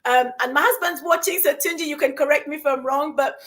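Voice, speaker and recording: A woman co-hosting a conversation, telling a story in an animated way and asking rhetorical questions. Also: high voice, quick pace. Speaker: co-host.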